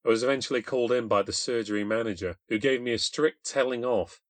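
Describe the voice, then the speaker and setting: A man's voice: mid-range voice, quick pace, no echo. A man narrating a first-person ghost story in a blunt, sardonic, self-deprecating way. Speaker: storyteller and podcast host.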